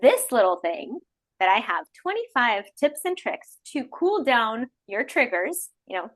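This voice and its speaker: Animated woman guest on a podcast. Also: on the high side, measured pace. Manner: animated, acts out people's inner voices. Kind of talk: casual interview chat.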